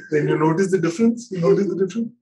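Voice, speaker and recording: A man leading a spiritual satsang over an online call, speaking gently and slowly with frequent laughter. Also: high-pitched, a crowd in the background, rough recording. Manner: gentle, slow and playful, laughs often. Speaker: spiritual teacher. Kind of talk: satsang talk. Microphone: video call.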